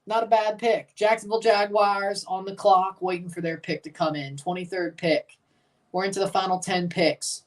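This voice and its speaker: A man's voice: high voice, little pitch movement, moderate pace, distant mic. A man hosting a livestream, giving casual, offhand reaction commentary with muttered asides and casual swearing. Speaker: livestream host.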